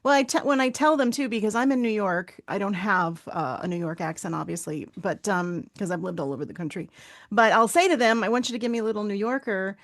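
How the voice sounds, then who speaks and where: A woman's voice: mid-range voice, a little fast, no echo, clean studio sound. A woman hosting an interview podcast, chatting casually and encouraging her guest. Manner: chatty, encouraging, frequent backchannel and laughs. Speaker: podcast host. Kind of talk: conversational interview.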